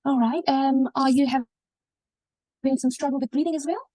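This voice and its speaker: A woman playing a gentle reassuring doctor. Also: sits high, steady tone, measured pace, no echo. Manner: gentle, reassuring, many okays. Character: calm junior woman doctor at a clinic.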